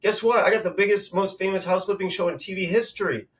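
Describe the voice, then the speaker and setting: Man, thirties, high voice, a bit off mic, emphatic and motivational, repeats words for punch. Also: fast talker, distant mic. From Southern California. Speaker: guest, real estate investor. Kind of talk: conversational storytelling.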